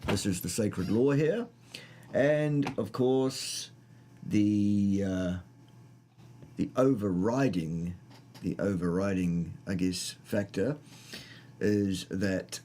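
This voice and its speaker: A man with a New Zealand accent and a fairly low voice runs a casual livestream. He rambles, jokes and greets viewers one by one. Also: expressive, measured pace, darkish tone. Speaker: livestream host.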